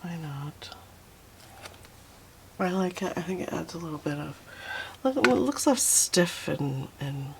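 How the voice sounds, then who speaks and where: A woman walks through a watercolor tutorial at an unhurried pace, her lowish voice carrying a gravelly edge. She murmurs asides and often sinks into a whisper as she paints. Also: a little hiss or hum. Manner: soft, often drops to a whisper while painting; relaxed, self-talking, fond of little asides. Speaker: watercolor teacher.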